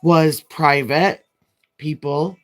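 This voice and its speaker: A woman's voice: sits low, steady tone, very slow. Chatty woman rambling while doing nails. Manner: chatty, rambling, frank storytelling. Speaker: nail vlogger.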